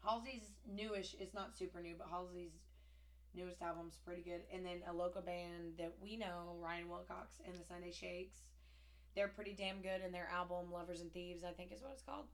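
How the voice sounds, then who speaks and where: A woman's voice: fairly low pitch, steady tone, brisk. A woman co-hosting a podcast, telling stories in a chatty way, laughing and swearing. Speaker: podcast co-host. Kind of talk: casual podcast chat.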